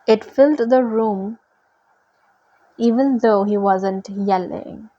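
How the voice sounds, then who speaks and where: A woman reads a novel aloud at a slow, unhurried pace. Her pitch is of middle height and her reading stays steady and deliberate. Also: dull audio. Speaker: reader.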